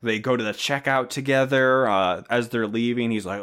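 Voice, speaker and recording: A man co-hosting a podcast, recapping a movie in casual chat, sarcastic, swearing and slipping into quick voices for the characters. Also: medium pitch, fairly bright tone, clean tone. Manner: swears casually, laughs at own jokes. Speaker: podcast co-host.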